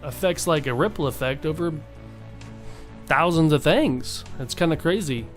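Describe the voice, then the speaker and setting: A man's voice: a little high, moderate pace, soft background music. A young man talking casually and earnestly to his viewers, rambling with many fillers and restarts. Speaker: vlogger. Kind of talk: casual motivational monologue.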